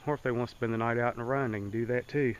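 A man's voice: medium pitch, fairly even intonation, rapid-fire, lo-fi sound, a little hiss or hum. A man chatting casually on his vlog, rambling and folksy, with lots of fillers. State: out of breath. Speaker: hobby farmer vlogger.

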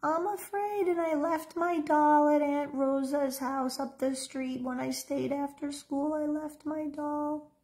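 A woman voicing a frightened five-year-old girl who talks in a small, hushed, worried way. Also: high-pitched, flat delivery, slow pace, hardly any pauses, pitched above the performer's own voice. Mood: scared, pleading.

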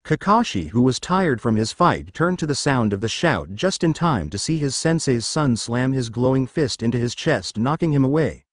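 A man's voice: mid-range voice, sing-song, normal speed, few pauses, dry recording, studio quality. A man reading a fanfiction story aloud as narrator.

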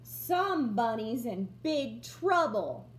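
A woman's voice: fairly high pitch, very animated, slow pace, a little hiss or hum. A woman voicing a bossy young child who scolds, in a storybook reading. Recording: roomy echo.

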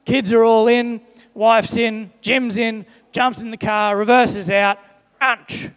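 Preacher with a high voice in an echoing hall. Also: male voice, slow. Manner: animated storyteller, briefly voices the people in his examples. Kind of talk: sermon with acted-out stories. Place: church hall. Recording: long echo of a large church hall.

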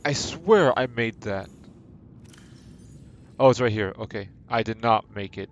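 Game music plays as a young man streams a video game live, chatting with viewers in a lively, mid-range voice at a measured pace, with slight background noise. His casual talk rambles, playful and self-deprecating.

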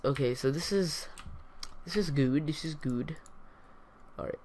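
A man casually commenting as he plays a video game, rambling and chatty with sudden bursts of excitement. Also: medium pitch, takes it slowly, creaky. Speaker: gaming YouTuber. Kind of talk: casual let's-play commentary.

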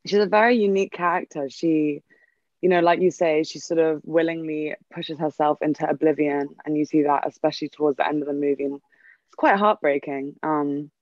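A woman's voice: deep voice, steady tone, a little fast, a little mellow, no room sound, muffled recording. A woman in the film's cast answering on a Q&A panel, rambling casually with many fillers and restarts. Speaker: film cast member on a Q&A panel.

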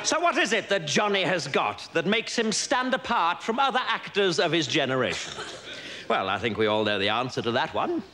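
A jealous actor who wraps sarcastic jabs in stiff politeness, his voice fairly high and lively in its swings. A loud hiss sits under this live stage recording. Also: normal speed, over a noisy crowd. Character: bitter, jealous male actor accepting a rival's award. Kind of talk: live stage sketch, acceptance speech.

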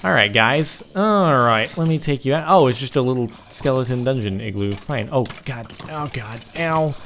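A young man in his twenties giving casual, excitable commentary while playing a survival game, with sudden yelps. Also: medium pitch, moderate pace, slight background noise. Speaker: gaming video host. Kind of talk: casual let's play commentary.

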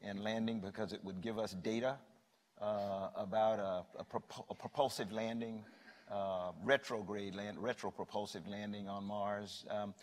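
An older man on a panel, answering in a measured way and thinking aloud. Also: on the low side, fairly even intonation. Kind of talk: panel discussion. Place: conference hall. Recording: echoey hall.

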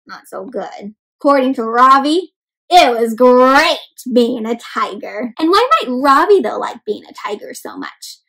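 High-voiced woman reading aloud to kids. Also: unhurried, low-quality recording. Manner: expressive, often gasps, asks kids questions. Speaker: children's storyteller. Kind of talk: interactive read-aloud for kids.

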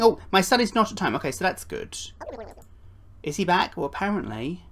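A woman's voice: lowish voice, big pitch swings, brisk, a little hiss or hum. A woman giving playful gameplay commentary, chatting and slipping into put-on voices for the characters. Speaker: gaming YouTuber.

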